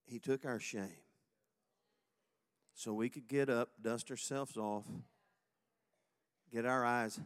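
Male pastor, lively pulpit delivery with big swings in volume and pace, leads call-and-response. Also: medium pitch, clean tone. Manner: swings from loud, fast exhortation to soft, slow reflection; calls on the congregation to repeat phrases. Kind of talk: sermon. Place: church sanctuary before a congregation.

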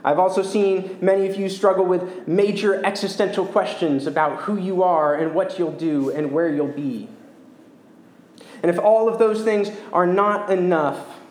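A man preaching a sermon as pastor, earnest and measured, slowing down to stress key words. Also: high voice, darkish tone. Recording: echoey church room.

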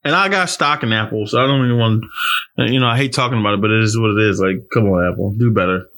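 A man's voice: on the low side, fast, fairly bright tone. A man talking casually and profanely on a remote video call, ranting in an exasperated way through an earbud mic from home. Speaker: podcast co-host. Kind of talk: casual chat. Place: at home, indoors.

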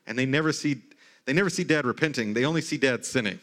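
A man in his thirties preaching a sermon in a church, talking in a conversational way with animated, mock-incredulous asides. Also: mid-range voice, fast. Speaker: pastor. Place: church sanctuary.

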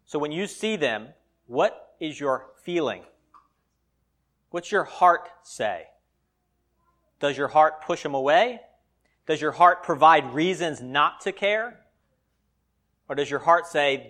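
A male pastor preaching a sermon, swinging between loud emphatic lines and quiet asides. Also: fairly high pitch, lively intonation, slow, long pauses.

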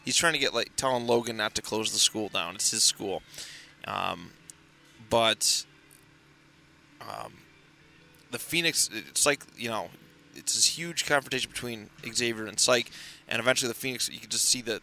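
Man, podcast co-host, bright tone, middle pitch, casual rambling recap. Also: gravelly, slight background noise. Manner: rambling, filler-heavy recap with frequent restarts. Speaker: podcast co-host reviewing comics. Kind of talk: casual chat.

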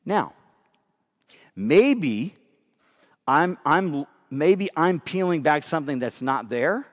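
A male pastor delivering an emphatic, animated sermon, often repeating his phrases for weight. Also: on the high side, slow, big-room sound.

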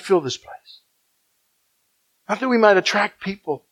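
High, bright-voiced male preacher. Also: expressive, a little slow, rough recording. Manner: dynamic preaching, swinging from loud emphasis to hushed near-whispers; emphatic repetition. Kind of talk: sermon.

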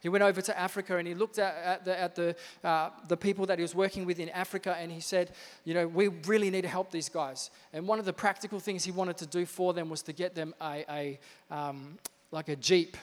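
A male pastor preaching an energetic, emphatic sermon with lots of repetition in a church. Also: high voice, brisk, few pauses. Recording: reverberant church hall.

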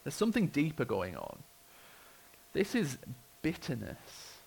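A British man preaching a sermon with a lively, swooping delivery. His voice has a gravelly edge, and he tells the story with wry humour and vivid expression. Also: a little high, unhurried, low-quality recording. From United Kingdom.

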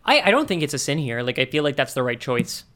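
Smooth-voiced guy cohosting a podcast, thinks out loud, dry jokes. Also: mid-range voice, big pitch swings, fast talker. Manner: wry, joking asides; thinks aloud. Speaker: podcast co-host. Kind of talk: casual podcast chat.

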